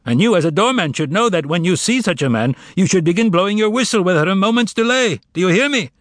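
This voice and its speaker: Stern pirate-like manager, cold and commanding, raised and lively; a man reads it. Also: high voice, quick pace, dry recording, clean studio sound, pitched above the performer's own voice. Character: fierce stern male restaurant manager, pirate-like.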